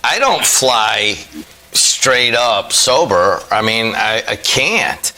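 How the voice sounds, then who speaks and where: A man's voice: fairly low pitch, very animated, extremely slow, bright, forceful tone, poor audio. A middle-aged man hosting a local radio talk show, chatting easily with a Northwest Indiana accent, in a studio. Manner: easygoing, chatty, with many restarts. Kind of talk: casual radio chat. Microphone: studio microphone.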